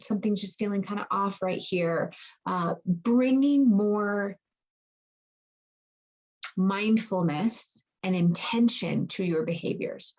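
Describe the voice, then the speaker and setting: A woman's voice: lowish voice, a little mellow, dull audio. A woman wellness coach talking casually to her group, reassuring and thinking aloud, often checking in with "right?". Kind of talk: casual online coaching talk.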